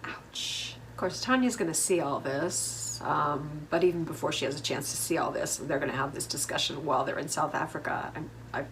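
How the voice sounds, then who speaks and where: A woman's voice: sits low, a little fast, hardly any pauses, slight background noise. A middle-aged woman from the United States hosting a casual TV recap, chatty and opinionated with lots of fillers. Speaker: host.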